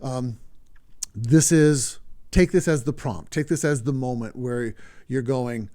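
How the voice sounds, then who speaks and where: A man's voice: mid-range voice, slow, mellow. A man hosting a podcast, talking earnestly and emphatically, repeating words to stress his points. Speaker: podcast host. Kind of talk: podcast talk.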